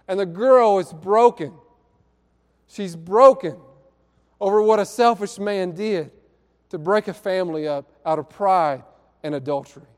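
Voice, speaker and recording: A man preaching a sermon, telling a story in an earnest way and drawing out key words slowly. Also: high-pitched, darkish tone, long reverb tail. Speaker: pastor. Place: church sanctuary.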